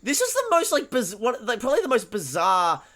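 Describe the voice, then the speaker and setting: A man co-hosting a podcast, chatting casually and profanely about a film, stumbling over restarts. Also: very high voice. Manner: animated, profane, halting with many restarts. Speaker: podcast co-host. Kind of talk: casual film-review chat.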